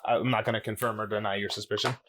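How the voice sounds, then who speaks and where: A man co-hosting a podcast, recapping a book chapter in loose casual chat, full of "like" and quick laughs. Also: fairly low pitch, little pitch movement, a bit bright, a little hiss or hum. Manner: rambling, heavy use of "like", laughs often. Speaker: podcast co-host.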